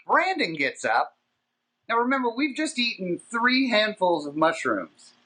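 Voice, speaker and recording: A man with a fairly high, bright voice spins a rambling, profane story on a casual podcast. His pitch swings widely as he talks, giving the tale an animated, lively bounce. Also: unhurried. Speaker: podcast host.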